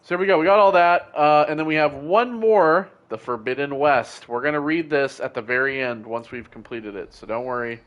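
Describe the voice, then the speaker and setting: A man's voice: fairly high pitch, a little fast, hardly any pauses, muffled recording. A man streaming a game, commenting casually in a loose, jokey way as he thinks aloud. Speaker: gaming streamer.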